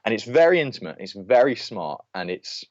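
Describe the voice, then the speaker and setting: On dull lo-fi podcast audio with no echo, a co-host with a lowish voice reviews a film, opinionated and very animated. He talks a little fast, ranting in casual chat and restarting often.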